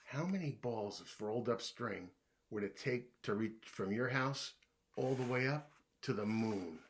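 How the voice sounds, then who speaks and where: A man playfully reads aloud from a children's riddle book, asking each riddle and answering it himself, going hushed when he plays the puzzled guesser. He has a medium pitch, lively intonation, and a measured pace, with a little hiss or hum in the audio.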